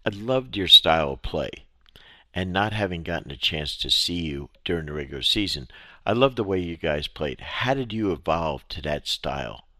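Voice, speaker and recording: A man's voice: low voice, expressive, moderate pace, sharp tone, no echo, studio quality. A man hosting a podcast interview, chatting casually and rambling with lots of "you know" fillers. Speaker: podcast host.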